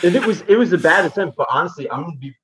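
A man's voice: on the high side, animated, racing, very noisy. A man who is a podcast guest, nervous and self-deprecating in casual chat.

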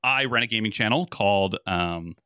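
A man with an announcer-type voice, telling his story as a podcast guest in an energetic, casual way, with many restarts and fillers. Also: fairly low pitch, moderate pace, smooth, no echo, studio quality. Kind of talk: casual conversation.

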